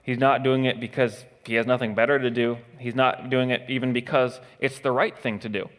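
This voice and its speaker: A man preaching a sermon in a conversational way, pausing with frequent "uh" fillers and now and then acting out the attitudes he describes. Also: mid-range voice, flat delivery, fairly bright tone. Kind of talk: expository sermon. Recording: long hall reverb.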